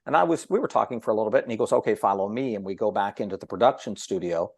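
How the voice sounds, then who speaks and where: A man guest on a podcast, telling a story about his broadcasting start in a lively, chatty way and acting out what others said. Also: fairly low pitch, rapid-fire, vocal fry, dry recording, clean studio sound. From Ohio. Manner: animated storyteller who acts out quoted voices. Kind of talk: storytelling in casual chat.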